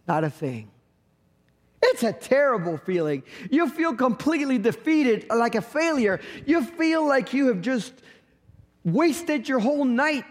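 A middle-aged man preaches in a strikingly high voice, telling a story with humorous asides. He slips into quick voices for the people in his story. His words ring out with a long reverb, as in a church sanctuary. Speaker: pastor. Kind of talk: sermon.

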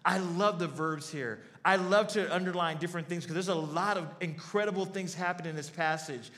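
A man's voice: sits high, a little fast, fairly bright tone. A man with a somewhat raised voice preaches earnestly, and he comes back to his key phrases again and again to drive them home. His words ring out with a long reverb, as if he is in a church sanctuary. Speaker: pastor. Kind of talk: sermon.

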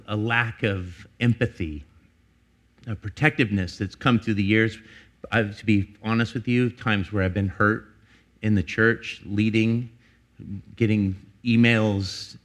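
With a voice that's a bit bright, a middle-aged pastor gives an earnest, confessional sermon. It moves from emphatic highs down to soft, personal passages.

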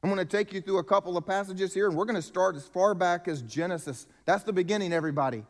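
A man preaching a sermon as pastor, with emphatic swings between loud declarations and quiet, low asides. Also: fast talker. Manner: preaching with emphatic rises and drops in volume. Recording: long hall reverb.

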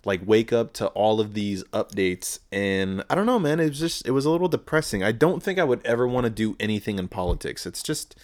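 A man's voice: lowish voice, expressive, fairly quick, hardly any pauses. A man hosting his own podcast alone, rambling casually and ranting sarcastically with lots of swearing. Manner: profane, sarcastic ranting with frequent restarts. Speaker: podcast host.

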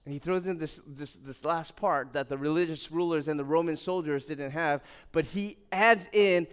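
A man's voice: fairly high pitch, moderate pace, few pauses, fairly bright tone, clean tone. A male pastor preaching a sermon in an earnest, conversational way, quoting scripture and telling everyday stories. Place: church hall.

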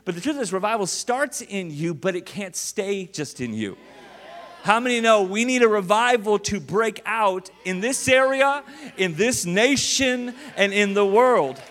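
A man preaching as a guest speaker to a church, energetic and joking, with rising exclamations. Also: high-pitched, a little slow. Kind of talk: sermon. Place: large church auditorium. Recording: long hall reverb with faint music.

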